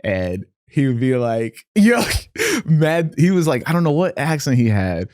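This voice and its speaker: A man hosting a podcast, chatting casually with lots of laughter, street slang and animated storytelling. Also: mid-range voice, measured pace, no room sound, clean studio sound. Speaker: podcast host. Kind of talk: casual interview chat. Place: podcast studio.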